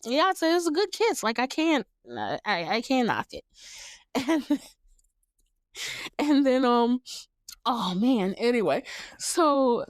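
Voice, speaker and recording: A woman's voice: on the high side, very animated, slow pace, pauses often, no room sound, clean studio sound. A woman in her late twenties hosting a podcast, giving a casual and candid recap of a movie, cursing freely and laughing often. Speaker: podcast host.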